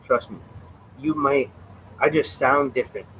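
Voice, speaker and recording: A man's voice: mid-range voice, measured pace, fairly bright tone, a little hiss or hum, low-quality recording. A young Canadian man with a Canadian accent, chatting casually on a livestream, blunt and profane, calling the viewers "bro.". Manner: blunt, profane, emphatic, says "bro" often.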